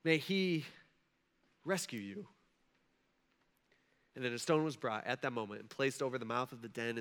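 A pastor preaches a sermon in a voice that sits on the high side with a fairly bright tone. His style is conversational, full of frequent asides and check-ins with his listeners.

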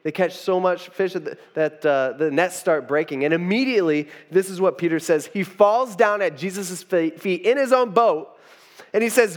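A man's voice: high-pitched, normal speed. A young man preaching as a pastor, retelling a story in a loose, conversational way with fillers and restarts. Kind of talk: conversational sermon.

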